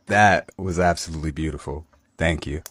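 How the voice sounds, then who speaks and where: Deep-voiced male interviewer. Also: normal speed, fairly bright tone, slight background noise. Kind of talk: casual interview.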